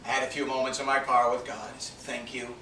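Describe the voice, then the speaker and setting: A man's voice: mid-range voice, little pitch movement, quick pace, sharp tone. A man and minister telling a personal story in a sermon, earnest and confessional, dropping to a near-whisper for his inner thoughts. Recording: echoey from a distance, faint background noise.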